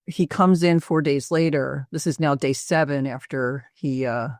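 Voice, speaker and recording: A woman's voice: low voice, fairly even intonation, a little slow, a little mellow, no room sound, clean studio sound. A woman psychiatrist recounting a patient case, reflective, with frequent fillers.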